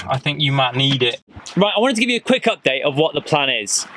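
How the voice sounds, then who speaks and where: A British man with a slightly high voice, vlogging from his camper van. He chats straight to his viewers in a slangy, sweary way. Clear road and engine noise rumbles behind him as he drives. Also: big pitch swings, quick pace, sharp tone. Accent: British English. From United Kingdom. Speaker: van life travel vlogger. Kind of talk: casual travel vlog to camera. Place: inside a camper van, often while driving.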